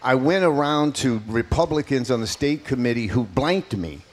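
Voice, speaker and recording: A man's voice: mid-range voice, animated, normal speed. Earnest man telling his story. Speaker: political candidate guest. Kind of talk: radio interview answers.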